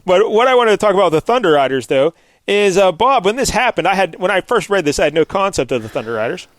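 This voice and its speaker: Upbeat comic podcast host, male, fairly high voice, dry close sound, jokey asides. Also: sing-song, fast talker, no room sound. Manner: laughs often, joking asides. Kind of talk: casual chat reviewing a comic.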